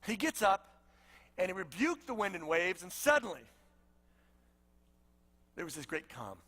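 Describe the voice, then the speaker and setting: A man's voice: high-pitched, very animated, a little slow, fairly bright tone, in a large hall. A man preaching a sermon as pastor, in a casual storytelling way with lots of conversational asides.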